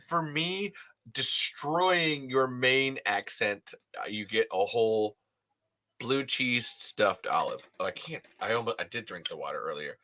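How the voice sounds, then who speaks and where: A man's voice: medium pitch, bright, forceful tone. A man hosting a podcast, rambling and affectionate as he chats with listeners. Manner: rambling, affectionate, swears, restarts. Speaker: podcast host. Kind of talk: casual chat reading comments.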